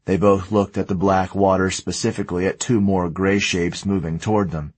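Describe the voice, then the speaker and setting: A man narrates in a measured, steady way, his voice low and a little husky. The reading is close and dry, with no room sound around it. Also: no room sound. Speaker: audiobook narrator. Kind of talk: scripted narration.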